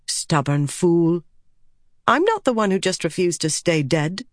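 A woman's voice: lowish voice, sing-song, a little slow, dry recording, clean studio sound. A woman reading an audiobook, voicing a fierce, brash woman archer commander in a boisterous, commanding manner. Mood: teasing.

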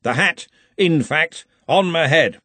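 A man voicing a pompous, overbearing old male wizard who heads a college, raised and loud. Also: on the high side, lively intonation, takes it slowly, no echo, pitched above the performer's own voice, full character voice. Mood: haughty. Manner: haughty, overbearing, testy.

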